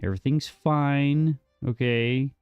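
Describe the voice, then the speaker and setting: Here a man talks slowly at a medium pitch with a clean tone, no echo, and phone-quality sound over soft background music. He's live-streaming gameplay, joking around with chat, mock-defensively teasing them and dropping the occasional swear.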